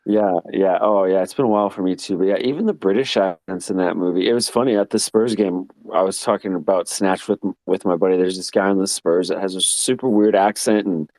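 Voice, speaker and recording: A man's voice: deep voice, brisk, few pauses, a little mellow, no room sound. A man from Texas chatting casually on an online audio call, rambling and laughing with lots of restarts and swearing, sounding sleepy. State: sleepy, getting ready for bed. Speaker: guest on a live audio chat room. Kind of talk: casual chat.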